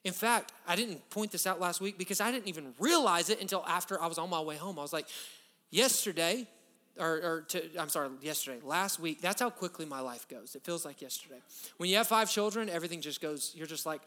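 A man, preaching a sermon as pastor, conversational and then loud and emphatic. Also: a little high, fairly quick. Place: church sanctuary. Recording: long reverb of a church hall.

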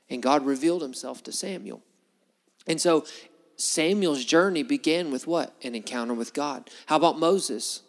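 A man's voice: normal speed, big-room sound. A man preaching a sermon, retelling Bible stories and acting out the dialogue in changing voices. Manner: storytelling, acts out biblical dialogue with shifting pitch.

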